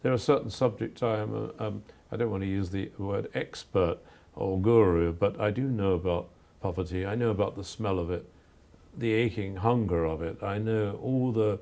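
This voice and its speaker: An older English man speaks in a low, gravelly voice with a warm, dark tone. He answers interview questions earnestly and at a measured pace, often circling back to restart a thought. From England. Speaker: photographer guest.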